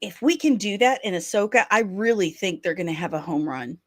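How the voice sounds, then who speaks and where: A woman's voice: medium pitch, animated, brisk. Chatty, opinionated woman hosting a stream. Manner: candid, opinionated and playfully sarcastic. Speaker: host of a daily pop-culture chat show. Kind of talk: casual livestream chat, reading viewer comments.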